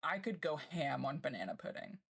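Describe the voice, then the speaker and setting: A woman streamer chatting casually with her live chat, bubbly and gushing and quick to laugh. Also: low voice, big pitch swings, creaky, slightly rough.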